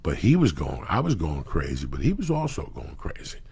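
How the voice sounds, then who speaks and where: A man's voice: very deep voice, brisk. A middle-aged man telling profane stories in a casual talk, acting out the people he quotes. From New Jersey. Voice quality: gravelly. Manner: profane, animated storytelling with acted quotes. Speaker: storyteller guest. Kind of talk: casual storytelling.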